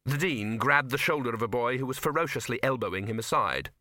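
Lively bright-voiced male narrator. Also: mid-range voice, fairly quick, no room sound, studio quality. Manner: lively, voices many characters. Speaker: audiobook narrator. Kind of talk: scripted narration.

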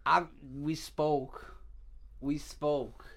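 A man hosting a podcast, telling a crude story in a loose, animated way, swearing freely and laughing at himself. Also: a little high, extremely slow, vocal fry. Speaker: podcast host. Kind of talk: casual chat, storytelling.

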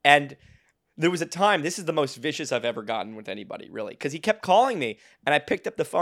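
A man's voice: fairly high pitch, sing-song, fast talker, a bit bright. A young man co-hosting a podcast, telling a rambling story in casual chat, laughing often and restarting his sentences. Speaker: podcast co-host.

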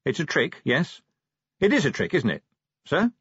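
Man voicing a nervous veteran sergeant, hopeful, wheedling, raised and husky, dull dry audio. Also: on the high side, big pitch swings, moderate pace, fairly bright tone, no echo, voice pushed up, full character voice. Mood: pleading. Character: anxious cheerful veteran male police sergeant.

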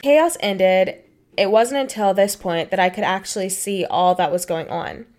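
A young woman co-hosts a podcast, reading stories aloud and chatting bluntly and matter-of-factly with casual swearing. Her medium-pitched voice is a little mellow and moves at a normal speed.

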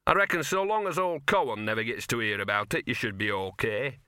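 A man's voice: medium pitch, brisk, pushed and bright, clear, resonant tone, no echo, studio quality, lightly acted. A man voicing a scruffy, sardonic male talking dog who grumbles in slangy street talk. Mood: wry.

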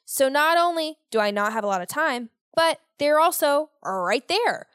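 A woman's voice: high-pitched, expressive, normal speed, a bit bright, no room sound, studio quality. A young woman hosting her own podcast, talking alone in a rambling, self-deprecating way and swearing casually. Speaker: podcast host. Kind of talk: casual solo podcast monologue.

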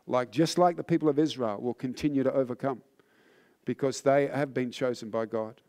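A tired man preaching a sermon, telling a personal story with rising fervor and then turning low and solemn. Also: normal speed, darkish tone. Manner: earnest, builds in intensity then drops low and solemn.

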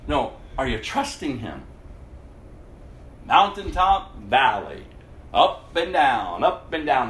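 A man preaching a sermon to his congregation, impassioned, swinging from hushed to loud. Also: sits high. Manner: addresses the congregation directly. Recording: echoey room.

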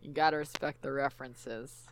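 A woman's voice: extremely low pitch, fairly even intonation, normal speed, slight background noise. A woman co-hosting a comedy podcast, making sardonic asides with plenty of swearing. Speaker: podcast co-host, author of the fanfic. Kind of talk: comedic banter.

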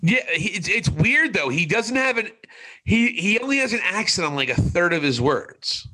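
Bright, lively man reviewing wrestling. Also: high voice, rough recording. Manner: opinionated, laughs often, quick asides. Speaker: wrestling podcast co-host. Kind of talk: casual chat.

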